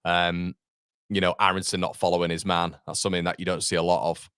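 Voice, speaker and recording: A man's voice: low-pitched, flat delivery, quick pace, fairly bright tone, clean tone, no echo, studio quality. A man hosting a fan watchalong, calling the match live play by play and answering viewer chat, with partisan exasperation. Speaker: fan channel host.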